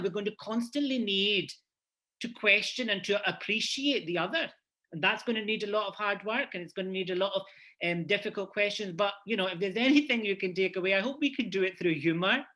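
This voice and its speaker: Sharp in tone and sitting high, this Glaswegian voice belongs to a man from Scotland on a conference panel. He heads a university department and talks earnestly, often breaking off to restart.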